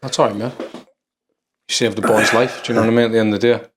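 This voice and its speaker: Podcast host, supportive. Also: male voice, lowish voice, steady tone, quick pace, noisy background. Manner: supportive, says "mate" often. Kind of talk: casual interview.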